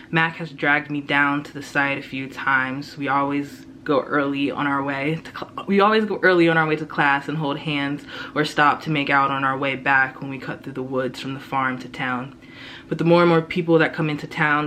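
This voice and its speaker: A young man, a student, reading his own first-person fiction aloud in a steady, low-key way. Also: slight background noise, low-quality recording. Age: young adult. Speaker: student reader.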